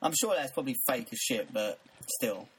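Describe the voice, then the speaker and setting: A young man co-hosting a podcast, joking and swearing in a relaxed way. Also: medium pitch, normal speed, slight background noise. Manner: laid-back, sweary joking. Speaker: podcast co-host. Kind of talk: casual chat.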